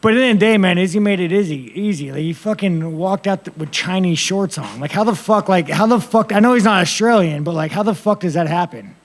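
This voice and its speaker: Fielding questions from reporters after a fight, a man speaks rapidly in a high voice, barely pausing. His answers are blunt and meandering, full of constant swearing and laughter at his own expense.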